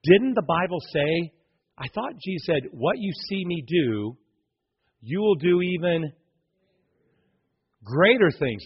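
A male pastor preaching a sermon, telling stories with animated swings between hushed and loud delivery. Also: fairly high pitch, slow pace, pauses often, slightly rough, muffled recording.

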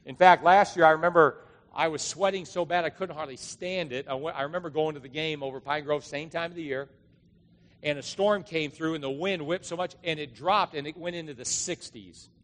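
Pastor preaching in a reverberant hall. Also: male voice, fairly high pitch, a little fast, a bit bright. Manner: conversational, storytelling, emphatic rises. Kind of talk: sermon. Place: church.

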